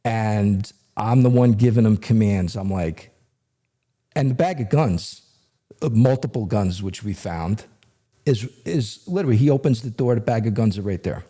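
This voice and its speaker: A middle-aged man, a retired federal agent, telling a story in an animated, conversational way as a guest. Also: lowish voice, normal speed. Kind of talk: storytelling in a podcast interview.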